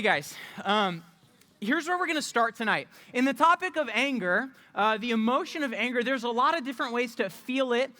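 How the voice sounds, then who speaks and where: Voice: medium pitch, pushed and bright. Upbeat youth pastor leading a skit. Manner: upbeat, playful, coaching volunteers. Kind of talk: interactive youth group talk.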